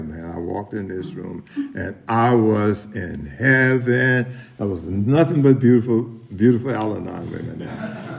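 A man's voice: on the low side, vocal fry. A middle-aged man sharing his story at a recovery meeting, rambling with many restarts and talking straight to the room. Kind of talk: personal testimony at a meeting.

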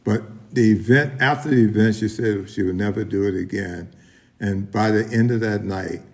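A man's voice: low-pitched, gravelly. A middle-aged man sharing his story at a recovery meeting, rambling with many restarts and talking straight to the room. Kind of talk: personal testimony at a meeting.

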